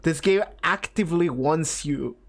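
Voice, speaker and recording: A man's voice: fairly high pitch, measured pace. A man streaming a video game, giggling and reading the on-screen text aloud in casual commentary. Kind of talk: casual let's-play commentary.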